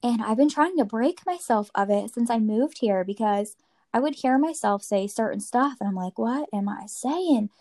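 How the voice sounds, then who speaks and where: A woman's voice: fairly high pitch, lively intonation, normal speed, darkish tone. A woman from Maryland co-hosting a podcast, chatting in a laid-back way and reading prompts off a list. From Maryland, United States. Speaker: podcast co-host. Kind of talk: casual chat.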